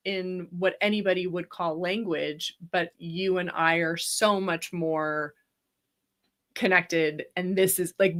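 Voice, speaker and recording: Bright-voiced woman, casual storyteller, lively with frequent laughs and fillers. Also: fairly low pitch, measured pace. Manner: animated, laughing often, many fillers.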